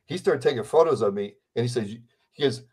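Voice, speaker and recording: A man's voice: mid-range voice, expressive, a little fast, darkish tone, breathy edge. A man in his sixties, a guest on a podcast interview, who talks in a rambling, enthusiastic way. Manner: rambling, enthusiastic, slips into impressions. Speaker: interview guest, celebrity impersonator.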